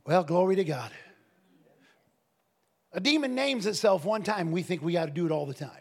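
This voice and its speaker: A man preaching a sermon to a congregation, telling stories emphatically and breaking into shouts and laughter. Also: high-pitched, normal speed, vocal fry. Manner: emphatic, swings into shouting and laughter, lively storytelling. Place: church service with a congregation.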